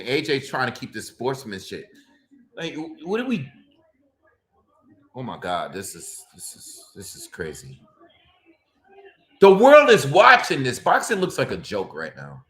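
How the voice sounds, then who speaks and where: A man's voice: fairly low pitch, a bit bright. Ranting man calling a boxing fight live. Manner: exasperated, ranting, exclaims often. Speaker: livestream boxing commentator. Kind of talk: live fight reaction commentary.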